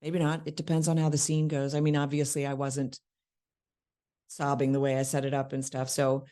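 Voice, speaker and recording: Brief: middle-aged woman, low voice, chatty acting teacher who slips into the lines she explains. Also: completely flat delivery, moderate pace, warm tone. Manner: conversational, acts out lines mid-explanation. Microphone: worn microphone.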